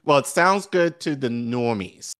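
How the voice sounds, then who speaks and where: A man co-hosting a casual political commentary podcast, speaking in a measured way and thinking aloud with restarts. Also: mid-range voice, animated, a bit bright. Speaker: podcast co-host.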